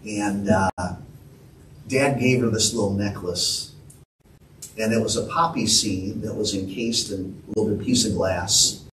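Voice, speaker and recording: A man's voice: fairly low pitch, fairly even intonation, a little slow, a bit bright, a little hiss or hum. A male pastor preaching an earnest, emphatic sermon and calling out to his congregation. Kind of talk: sermon with storytelling. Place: church sanctuary. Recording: echoey church room from a distance.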